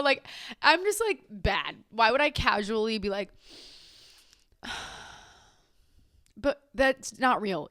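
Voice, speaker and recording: A woman's voice: medium pitch, a bit bright, no room sound, studio quality. A young woman hosting a podcast, talking candidly and casually, swearing freely and restarting her sentences often. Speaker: podcast host. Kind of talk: casual personal talk.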